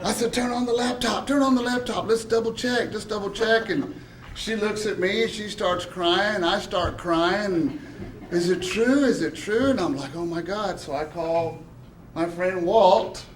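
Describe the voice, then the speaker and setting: A man telling his story at a press event, excited and laughing, acting out the voices of the people he quotes. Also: high voice, a little slow, far from the mic, slight background noise. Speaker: lottery winner at a check presentation. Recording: echoey room.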